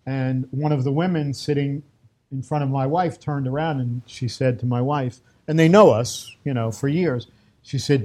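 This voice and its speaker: A man's voice: medium pitch, steady tone, moderate pace, a little mellow. A middle-aged man from Brooklyn with a New York accent, giving an emphatic, conversational religious lecture on Torah with Hebrew terms mixed in. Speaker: Torah teacher.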